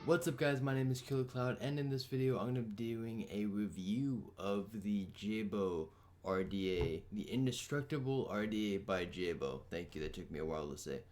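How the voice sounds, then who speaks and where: A young man with a sore throat and a raspy, hoarse voice, reviewing a product in a casual, rambling vlog. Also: lowish voice, normal speed, darkish tone, a little hiss or hum. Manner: casual, loose and rambling with fillers.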